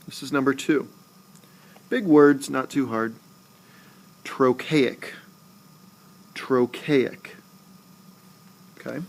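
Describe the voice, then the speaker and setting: A man teaching a recorded lesson, talking slowly and deliberately and saying example words aloud more than once. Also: medium pitch, creaky. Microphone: screencast voice-over.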